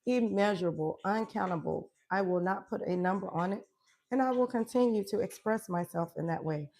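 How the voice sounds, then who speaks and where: A woman's voice: medium pitch, brisk, darkish tone. A woman wellness coach chatting on a live stream at home, emphatic and affirming, often laughing as she talks. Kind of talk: live-stream motivational chat.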